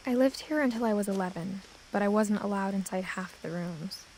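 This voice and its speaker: An actress voicing a young woman who narrates her return to her family home, in a quiet, reflective scripted narration. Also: medium pitch, brisk, a little hiss or hum, close to an everyday voice, low-quality recording. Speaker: game narrator.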